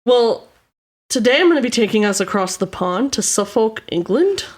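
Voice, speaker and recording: A woman's voice: on the high side, very animated, normal speed. A woman co-hosting a podcast, chatting casually and giggling as she starts a case. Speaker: podcast co-host. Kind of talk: casual chat narrating a case.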